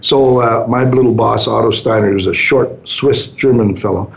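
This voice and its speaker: This sixty-something business owner, guesting on an interview, speaks at a moderate pace in a mid-range voice with vocal fry. His answers are relaxed stories in which he performs the quoted lines, heard through dull, muffled audio.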